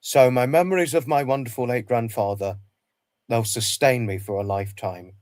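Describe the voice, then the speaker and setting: Halting man reminiscing on a dry mic. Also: mid-range voice, darkish tone, no echo. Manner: halting, repeats himself, many restarts. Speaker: livestream host. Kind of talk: casual livestream reminiscing.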